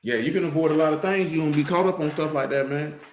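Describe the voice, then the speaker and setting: Speaking fast in an echoey room, this high-leaning male voice belongs to a scripture study assembly teacher. He keeps things casual, blunt and streetwise, and often checks in with "you know what I'm saying."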